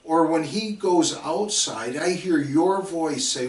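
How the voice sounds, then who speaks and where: Speaking slowly in a slightly high voice, a middle-aged football coach lectures emphatically and repetitively. He repeats drill calls, tells stories, and acts out his players, all captured with roomy sound from a distant mic.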